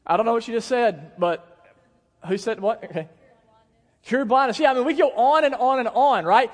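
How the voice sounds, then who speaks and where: A man preaching a sermon as a pastor, in a conversational, animated way, telling stories and asking the congregation questions. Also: very high voice, a little fast, in a large hall. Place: church sanctuary.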